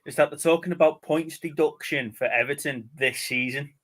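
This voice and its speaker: A man's voice: a little high, moderate pace, a bit bright. A man co-hosting a live stream chat, talking casually, swearing freely and laughing often. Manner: swears freely, laughs often, repeats words when starting.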